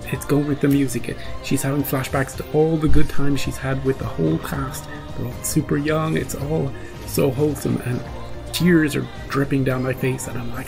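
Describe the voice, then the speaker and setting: A man with a gravelly, creaky edge to his mid-pitched voice talks through a show's episode as a reaction host. He gets swept up as he retells it, voicing his own gasps and pleas to the characters. Faint music hums underneath. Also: poor audio. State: choked up. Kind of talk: enthusiastic episode recap.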